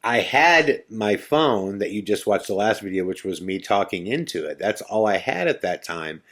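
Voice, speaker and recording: Low-voiced man telling a ghost story. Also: normal speed. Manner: animated, relaxed storyteller with fillers. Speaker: podcast host. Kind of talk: casual storytelling monologue.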